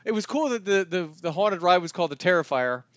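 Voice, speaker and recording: A man's voice: high voice, lively intonation, fast talker, fairly bright tone, no room sound, highs cut off. A man co-hosting a podcast in casual chat, recounting things in an easygoing way. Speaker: podcast co-host.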